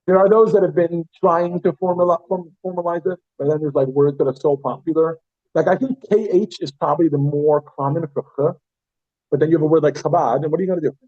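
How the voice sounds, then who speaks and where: Animated male teacher in a classroom. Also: fairly high pitch, fast talker, no echo, dull audio. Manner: animated, chatty, self-interrupting. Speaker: Yiddish teacher. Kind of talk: classroom lesson.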